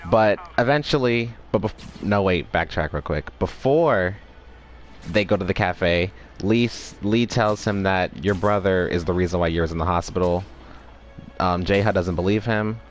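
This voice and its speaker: A man's voice: low-pitched, normal speed. A man casually recapping a story, rambling with restarts and acting out the characters' lines.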